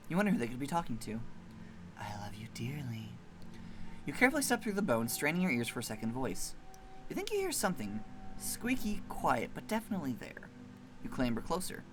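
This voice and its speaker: A streamer playing a narrative game, reading the text aloud and reacting in an expressive, profane way. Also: mid-range voice, quick pace, faint music behind. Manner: expressive, swears a lot, swings between reading and reacting.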